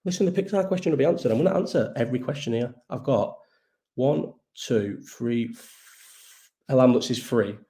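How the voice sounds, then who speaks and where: A man talks to his viewers in a loose, meandering live chat. His voice is dark and mellow, and he sounds tired. He swears freely and keeps breaking off and restarting his sentences. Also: mid-range voice, normal speed. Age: 30s. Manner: rambling, swears a lot, restarts and trails off. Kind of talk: casual chat.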